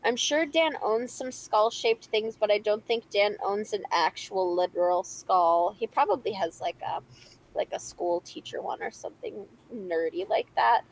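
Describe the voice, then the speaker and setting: A woman's voice: mid-range voice, moderate pace, rough recording. Woman, live-stream co-host, casual chat, playful, giggly, rambling, home studio.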